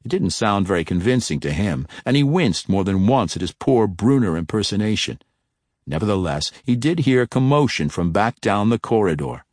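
A man narrating a fantasy audiobook in a measured, steady storytelling manner on a close mic. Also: on the low side, no echo.

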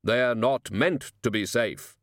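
A man doing a slow, calm, otherworldly giver. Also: mid-range voice, no echo, clean studio sound, close to an everyday voice. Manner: slow and deliberate. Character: slow, calm, unsettling male gift-giver.

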